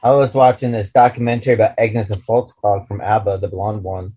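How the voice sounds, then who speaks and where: A man's voice: lowish voice, level tone, brisk, dark tone, lo-fi sound. A man co-hosting a podcast, telling rambling anecdotes in casual chat with many restarts and fillers. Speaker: podcast co-host.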